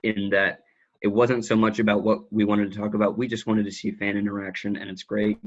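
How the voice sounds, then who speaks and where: A man's voice: on the low side, little pitch movement, brisk. A young man co-hosting a casual podcast, laid-back and agreeable. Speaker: podcast co-host. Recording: dull lo-fi mic with faint noise.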